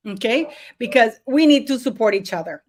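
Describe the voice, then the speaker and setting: A woman's voice: a little high, animated, normal speed, slight background noise. A woman hosting a casual live stream, rambling with many fillers and restarts and laughing often.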